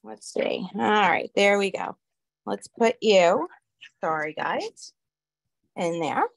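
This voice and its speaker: A woman with a New York accent teaching a live online craft class over a phone camera, chatty and quick, checking in with the viewers often. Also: mid-range voice, animated, creaky. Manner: fast-talking, chatty, keeps checking in with "okay?". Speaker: craft instructor.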